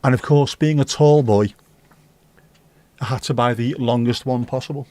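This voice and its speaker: A man's voice: medium pitch, normal speed, a little mellow, a little hiss or hum. A man hosting a livestream, rambling through jokey, sweary anecdotes in casual chat. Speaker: livestream host.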